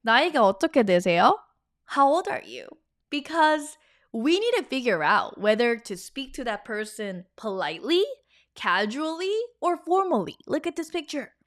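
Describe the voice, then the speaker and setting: A woman, giving an energetic, chatty video lesson and drilling phrases for the viewer to repeat. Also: on the high side. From Korea. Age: 30s. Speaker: language teacher.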